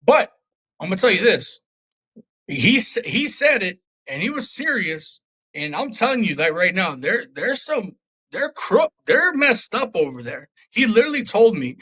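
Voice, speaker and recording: A young man from Albania telling his life story as a guest in a casual interview, animated and swearing, acting out the people he quotes. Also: high-pitched, normal speed, husky, low-quality recording.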